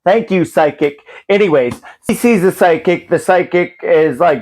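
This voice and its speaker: A man's voice: a little high, normal speed, hardly any pauses, darkish tone. A man giving a rambling, profane comedic recap of a film, full of restarts and acted-out quotes. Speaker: movie reviewer.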